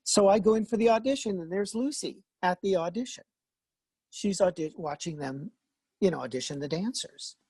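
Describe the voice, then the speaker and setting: Gravelly older man telling stories. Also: high-pitched, normal speed, no echo. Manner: animated, laughing, acts out quoted lines. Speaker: guest, veteran actor and voice artist. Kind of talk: casual interview storytelling.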